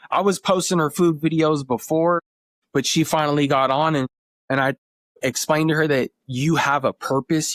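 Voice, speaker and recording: Man, earnest storyteller, fairly high voice, dry close mic. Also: no room sound. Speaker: podcast guest. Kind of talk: casual interview talk.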